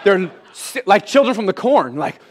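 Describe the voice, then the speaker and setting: A man in his thirties preaching a sermon in church, animated and comic as he acts out scenes with his kids. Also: high-pitched, moderate pace, some chatter behind. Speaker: pastor.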